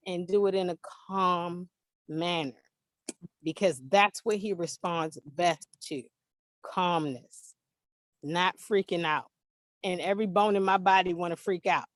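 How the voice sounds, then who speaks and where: A mother telling an animated, emphatic story in an interview, acting out the dialogue. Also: mid-range voice, no echo. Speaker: interview guest, parent.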